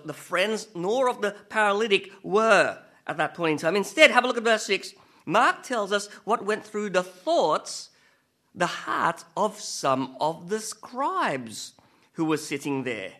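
A male preacher with a high voice gives a chatty sermon. His tone is bright and a little tense, and he keeps turning to the listeners with rhetorical questions and self-mocking asides. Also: lively intonation, measured pace. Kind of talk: conversational sermon.

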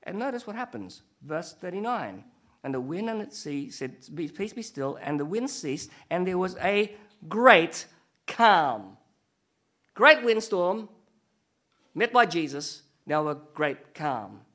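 A middle-aged male pastor with a fairly high voice preaches through a sermon. He tells stories with animation and slips in joking asides. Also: big pitch swings, slow pace, sharp tone.

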